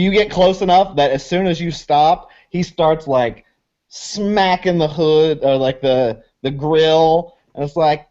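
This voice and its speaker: A man's voice: a little high, darkish tone. A man narrating a tabletop horror game as game master, loose and casual with lots of swearing and fillers. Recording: dull lo-fi audio.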